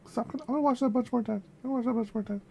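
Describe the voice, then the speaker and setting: A young woman talks casually to her viewers, gushing over what she just heard and repeating phrases for emphasis. Her voice sits a little high but sounds mellow and warm in tone. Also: rapid-fire, gravelly, breathy edge. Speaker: music reaction vlogger. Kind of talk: casual reaction chat.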